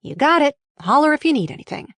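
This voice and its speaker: A woman's voice: sits high, sing-song, fast, a bit bright, no room sound, clean studio sound, voice pushed up, full character voice. A woman voicing a friendly man welcoming a house guest, in her own voice, while reading a script aloud.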